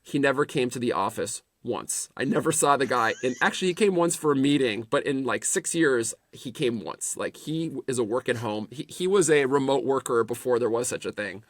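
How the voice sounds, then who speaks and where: A middle-aged man spins animated stories as a podcast guest, doubling back and restarting his phrases as he goes. His voice sits in a middle range and is recorded close and dry, with no room sound. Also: mid-range voice, a little fast, hardly any pauses, no room sound. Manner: animated anecdotes with repeated restarts. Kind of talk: casual storytelling interview.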